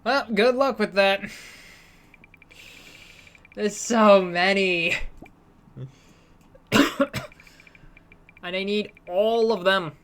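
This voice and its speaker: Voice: medium pitch, very slow, long pauses, a bit bright, smooth. A streamer with a slight British accent chatting casually while playing a game live, answering chat and often restarting sentences.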